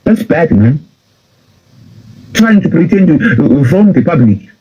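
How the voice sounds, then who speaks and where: A man's voice: a little high, sing-song, takes it slowly, breathy edge. A man with a Zimbabwean accent delivering a heated political rant, scolding and repeating himself as he mixes in phrases from home. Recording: dull lo-fi recording.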